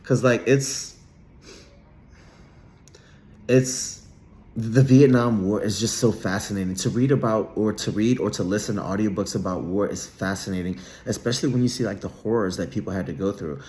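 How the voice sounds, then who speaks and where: A man's voice: fairly low pitch, a little fast, darkish tone. A man giving a casual solo monologue, rambling with frequent restarts and repeated words. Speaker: vlogger.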